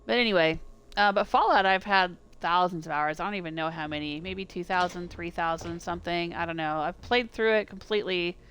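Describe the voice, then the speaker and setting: A woman's voice: lowish voice, brisk, a bit bright. A woman streamer chatting casually and rambling while she plays a game. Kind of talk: casual gameplay chat.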